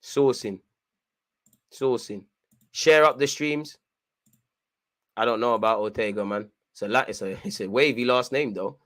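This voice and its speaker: A young man giving live fan commentary on a football match, shouting at the referee and players and urging his team on. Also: mid-range voice, measured pace, pauses often. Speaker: football watchalong host.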